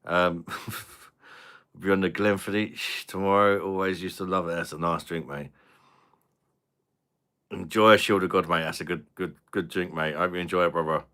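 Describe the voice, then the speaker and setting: A man's voice: sits low, fairly even intonation, normal speed, long pauses, bright, forceful tone. Bantering man on a live stream. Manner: crude joking banter, laughs often. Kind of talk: casual live-stream chat reading viewer comments.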